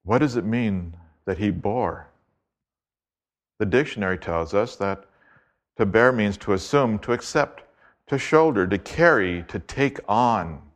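Male preacher, low-pitched, emphatic and deliberate; expository sermon delivery. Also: lively intonation. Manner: emphatic, deliberate, slows to stress key words.

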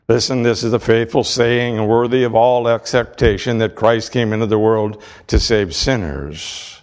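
A man preaching a sermon with emphatic, deliberate delivery and dramatic pauses. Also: on the low side, fairly even intonation, darkish tone.

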